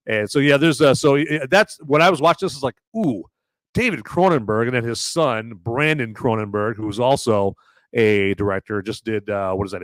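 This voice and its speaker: Male live-stream film host, loose and jokey, mid-pitched, smooth and clean with dry sound. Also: no echo. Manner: rambling, peppered with "uh" and "right there"; jokey, crude banter. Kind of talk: casual live-stream commentary.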